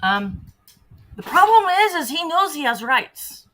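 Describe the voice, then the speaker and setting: A woman's voice: high voice, big pitch swings, unhurried, bright, forceful tone, poor audio. A woman on a livestream who works as a decoy for a predator-catching group and talks bluntly and indignantly, swearing casually. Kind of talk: livestream commentary.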